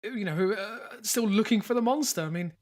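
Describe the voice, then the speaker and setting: A man's voice: high-pitched, fairly quick. A man co-hosting a casual comedy podcast, dry and sceptical, swearing casually now and then. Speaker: podcast co-host.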